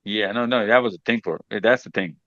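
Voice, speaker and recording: A man's voice: lowish voice, quick pace, fairly bright tone, no room sound. Teasing, reassuring man on a dry, dull call. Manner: teasing, reassuring, repeats himself. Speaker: mentor hosting a session with teenagers. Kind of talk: casual group chat.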